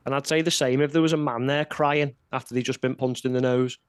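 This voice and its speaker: A man's voice: medium pitch, fairly even intonation, fast talker, clean tone, no room sound. A man co-hosting a casual political chat, blunt and heated. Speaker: podcast co-host.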